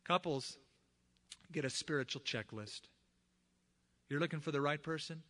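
Male pastor, middle-aged, conversational sermon delivery, bright and slightly high. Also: normal speed. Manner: conversational, animated storytelling.

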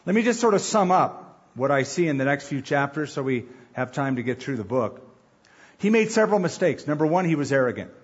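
A man's voice: fairly high pitch, slightly rough, highs cut off. A male pastor giving an emphatic sermon, counting off points and acting out quotes. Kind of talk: sermon, Bible teaching.

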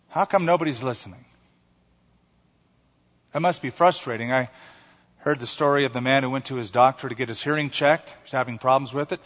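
Emphatic preacher with a higher voice. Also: male voice, a bit bright. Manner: emphatic, storytelling, with dramatic pauses. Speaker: pastor. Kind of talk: sermon. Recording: echoey hall, dull lo-fi sound.

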